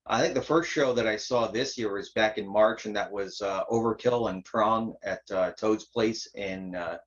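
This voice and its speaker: A man's voice: fairly low pitch, normal speed, highs cut off. A man from Connecticut, a panel guest in casual chat, hesitant with lots of ums.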